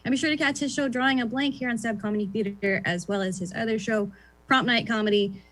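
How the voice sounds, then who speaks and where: A woman hosts a comedy show in a bright, upbeat voice pitched a little high. She reads off plugs quickly and then calls out the next comic with extra lift. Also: fairly even intonation. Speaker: show host. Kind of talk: introducing comedians.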